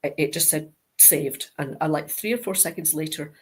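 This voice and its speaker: A middle-aged Scottish woman, a guest author in an interview, telling stories with lively acted-out quoted dialogue. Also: low-pitched, normal speed, slightly rough. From Scotland. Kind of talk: interview anecdote.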